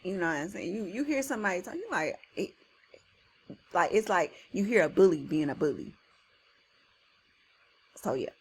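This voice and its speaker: A woman teacher reading a story aloud to students, with animated, slangy asides between soft read passages. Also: on the low side, normal speed, pauses often, a little hiss or hum.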